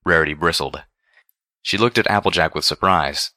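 A man narrates a first-person story with a very deep, low voice that carries a forceful, tense edge. His reading is measured and deliberate, recorded close and completely dry. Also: dry recording. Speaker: audiobook reader.

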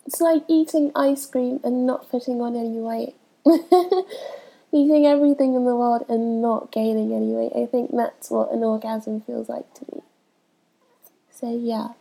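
Young woman, stuffy from a cold, casual hesitant chat, fairly high voice, gravelly. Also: fairly even intonation, unhurried, warm tone, poor audio. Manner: hesitant, many ums, laughs between answers. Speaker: vlogger answering a questionnaire.

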